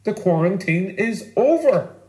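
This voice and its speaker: A man preaching a sermon in an earnest, emphatic way, leaning on pauses for weight. His voice sits a little higher than most men's. The sound carries a roomy echo. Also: sing-song, darkish tone. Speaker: pastor.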